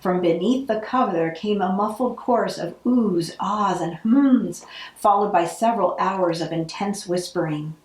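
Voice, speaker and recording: A woman reading a holiday picture book aloud, with expressive narration. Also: lowish voice, echoey room, low-quality recording. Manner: expressive, acts out the characters. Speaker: storybook reader.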